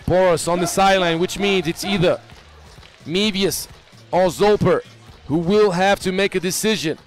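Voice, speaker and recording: A man giving live basketball play-by-play, excitable and rising to shouts on big plays. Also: high-pitched, normal speed, faint music behind. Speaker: play-by-play commentator.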